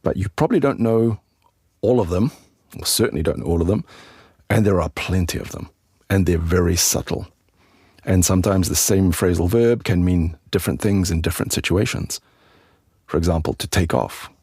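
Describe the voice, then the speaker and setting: A man hosting a podcast lesson as an English teacher, explaining in a relaxed, chatty way with asides to the listener. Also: deep voice, normal speed, husky, dry recording, studio quality.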